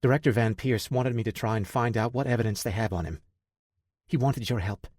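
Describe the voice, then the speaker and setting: A man voicing an anxious woman scientist who speaks in a hushed, worried way, in an audiobook. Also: medium pitch, brisk, no room sound, studio quality, lightly acted.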